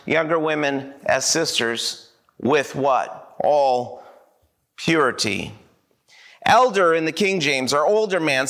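Bright, high-voiced male pastor preaching. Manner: animated storytelling, acting out dialogue. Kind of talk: sermon.

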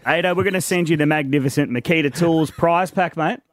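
Chummy Australian radio host. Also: male voice, on the high side, fairly quick, dry recording. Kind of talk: radio banter and ad reads.

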